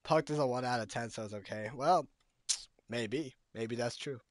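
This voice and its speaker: A young man live-streaming games, bantering in slang and yelling at the gameplay. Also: mid-range voice, moderate pace, dry recording. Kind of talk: live gaming stream chat.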